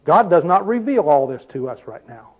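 A man's voice: a little high, very animated, normal speed. An older man preaching a sermon in a conversational way, often asking his listeners questions. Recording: dull lo-fi recording.

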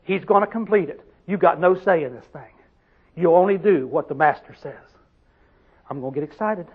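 A man's voice: fairly high pitch, normal speed, breathy edge, phone-quality sound. A man preaching a sermon, emphatic, putting questions to his congregation and answering them himself.

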